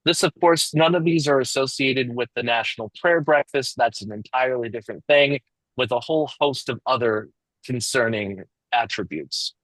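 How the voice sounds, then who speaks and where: A man gives an informal lecture to a small group in a meeting room. His voice sits in a middle register, and he talks in a measured, reflective way, sometimes restarting a phrase. The sound is dry, with little room echo. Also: mid-range voice, fairly bright tone. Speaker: discussion group leader.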